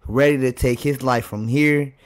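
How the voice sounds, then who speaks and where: A man's voice: mid-range voice, fairly even intonation, normal speed. A man hosting a reaction video, chatting casually and laid-back to his viewers.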